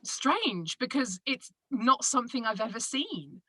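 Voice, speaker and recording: Speaking unhurriedly in a fairly high, slightly rough voice, this Manchester-accented English woman, a podcaster and broadcaster, is a guest in a casual interview. She tells stories with energy, performing quotes with laughs. The audio is poor, though there's no room sound.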